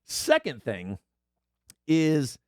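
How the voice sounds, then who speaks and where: A man hosts a casual political commentary chat, joking around and drifting off topic in animated digressions. His voice is a little high and he draws out his words, with clean studio sound and no echo.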